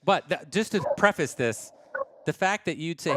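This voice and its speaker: A man's voice: on the high side, big pitch swings, measured pace, a bit bright, a little hiss or hum. A man speaking as a racer guest on a live studio show, talking bluntly and casually with some swearing.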